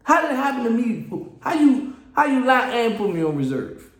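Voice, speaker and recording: A man hosting a solo podcast, ranting in an animated, exasperated way and often repeating and restarting his phrases. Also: extremely high pitch, normal speed, reverberant. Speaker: podcast host. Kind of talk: casual solo podcast rant.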